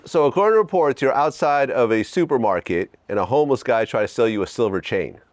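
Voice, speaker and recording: Fast, lively male interview host. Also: medium pitch, no echo. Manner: reads reported facts, brief acknowledgments. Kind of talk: interview questions and short replies.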